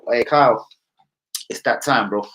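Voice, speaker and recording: A young man hosts a casual live football chat. He is brash and jokey and swears freely. He swings between loud outbursts and low, muttered asides. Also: a little slow, low-quality recording. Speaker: livestream host.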